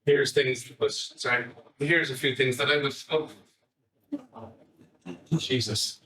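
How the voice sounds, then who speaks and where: A middle-aged Irish man, a family psychotherapist, giving an animated, conversational public talk and swearing casually. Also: mid-range voice, slow pace, roomy sound, distant mic, low-quality recording. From Ireland.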